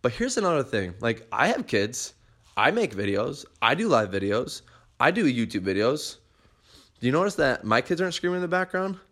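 A man's voice: medium pitch, sing-song, moderate pace, fairly bright tone. A young man hosting a podcast, talking bluntly and animatedly, swearing freely as he gives motivational advice. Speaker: podcast host.

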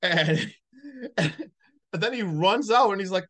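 A man hosting a podcast, casually recapping a movie in a rambling, animated way full of "like". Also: high voice, a little slow. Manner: rambling, animated retelling with many likes. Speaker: podcast host.

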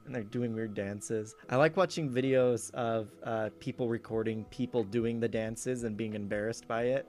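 A man on a podcast, chatting casually and rambling through a movie recap. He laughs often and restarts his sentences, his pitch sitting in a middle range. Faint music plays softly behind him. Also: steady tone, moderate pace. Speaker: podcast co-host.

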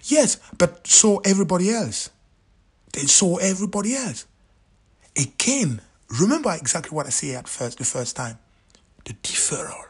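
A man's voice: sits high, very animated, measured pace, long pauses, slightly rough. A man in his late thirties hosting his own show, giving an emphatic, opinionated commentary monologue, repeating his points and sometimes dropping to a near-whisper. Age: 30s. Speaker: show host.

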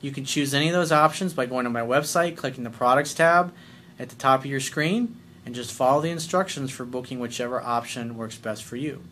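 A man's voice: medium pitch, fairly quick, bright, forceful tone, slight background noise. A man coaching listeners on dating in a blunt, emphatic, profane way. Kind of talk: advice monologue reading listener letters.

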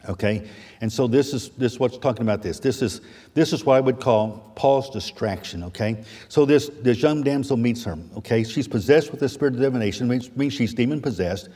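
Folksy preacher, dark husky voice. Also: male voice, medium pitch, brisk. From Missouri, USA. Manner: folksy, chatty asides with self-deprecating humor. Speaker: guest preacher and history teacher. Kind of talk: sermon. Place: church sanctuary. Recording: long church reverb.

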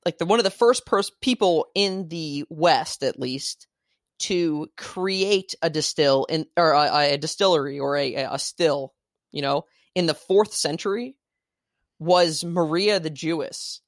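A man's voice: fairly high pitch, unhurried, no room sound, studio quality. A man co-hosting a casual podcast chat from home, rambling and self-deprecating. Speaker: podcast co-host. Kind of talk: casual chat on a video call. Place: home, remote.

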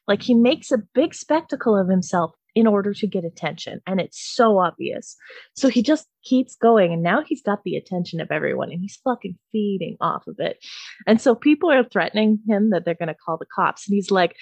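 A young woman from Canada telling a comedic story, animated and profane, often laughing. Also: mid-range voice, fairly quick, creaky, breathy edge, no echo.

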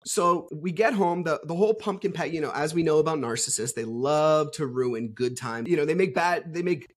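A man's voice: fairly high pitch, moderate pace. A middle-aged man from New Jersey, a podcast guest telling a story in a rambling, frank way, with lots of fillers and the odd swear. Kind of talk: casual storytelling interview.

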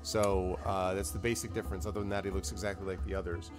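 A man's voice: low voice, little pitch movement, fast talker, music in the background. A man narrating as game master, casual and rambling, with many fillers and laughs.

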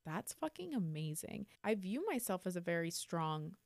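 A frank, plain-spoken woman in her twenties hosts a solo podcast, with profanity sprinkled through her casual talk. Her voice sits a little low. It's recorded close and dry, with no room sound. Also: normal speed, creaky, no echo. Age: 20s. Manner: candid and profane, animated when retelling stories. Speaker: podcast host.

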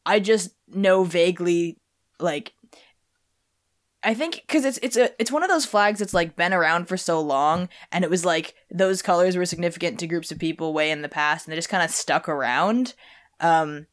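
A woman's voice: lowish voice, normal speed. A young woman hosting a casual chat podcast, rambling with lots of fillers and restarts. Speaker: podcast host.

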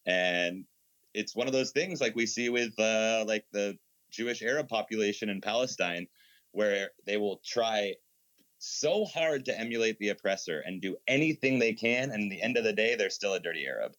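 A man in casual conversation who talks in a relaxed, loose way and builds his point as he goes. His voice sits fairly low. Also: normal speed, no room sound, low-quality recording.

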